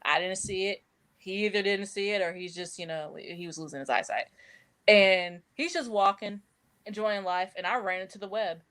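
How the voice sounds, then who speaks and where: A woman in casual chat, telling animated stories, laughing often and acting out her own past reactions. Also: medium pitch, normal speed. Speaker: podcast co-host.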